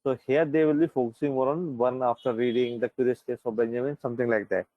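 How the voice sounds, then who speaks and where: A man's voice: mid-range voice, fairly even intonation, fast, no room sound, highs cut off. A man leads an online class in a chatty, conversational way and keeps checking in with his students. His voice sits in the middle range and sounds dry and close to the mic. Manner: conversational, frequent "right?" and "you know". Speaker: teacher.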